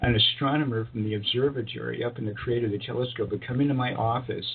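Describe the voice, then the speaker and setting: A man's voice: mid-range voice, steady tone, quick pace, gravelly. A man telling a long personal story as an interview guest, rambling with many fillers and frequent chuckles. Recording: tinny phone line with faint hiss.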